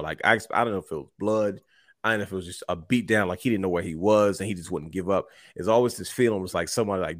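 A man's voice: sits low, no echo, clean studio sound. A man co-hosting a casual wrestling podcast, retelling matches with acted-out quotes. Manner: animated storyteller, acts out quotes. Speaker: podcast co-host.

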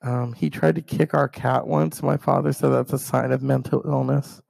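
A man with a gravelly, fry-laden voice rants about family grudges in a solo podcast monologue. His tone is mellow and dark, and he swears constantly. He acts out other people's lines as he tells the story. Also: medium pitch, fairly even intonation, normal speed. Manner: profane, heated ranting. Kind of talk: ranting personal storytelling monologue.

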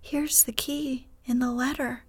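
A woman voicing an eager, excited young woman, Jo, in a whispered role-play, gushing in a breathless whisper. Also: high voice, unhurried, slightly rough, no echo.

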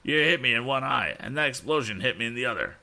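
A man's voice: medium pitch, animated, fast, gravelly, pushed and bright, pitched above the performer's own voice, exaggerated voice. A man voicing a spiteful, cowardly young male bully who whines and blubbers his threats. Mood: wailing.

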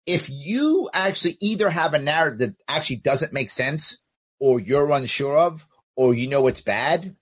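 A man's voice: a little high, expressive, normal speed, slightly rough. A man hosting a podcast, arguing his view with rhetorical questions and acting out both sides of an exchange as he reads out listener comments. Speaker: podcast host.

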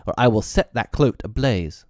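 A man's voice: mid-range voice, expressive, moderate pace, a little mellow, no room sound, studio quality, pitched above the performer's own voice, natural voice. A man voicing a defiant young man-cub raised by wolves, with commanding, old-fashioned speech, in an audiobook reading.

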